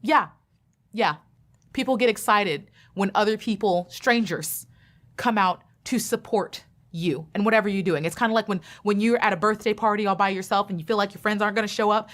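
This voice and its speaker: A woman commenting bluntly and sassily. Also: medium pitch. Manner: blunt, sassy and emphatic. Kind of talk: opinionated reaction commentary.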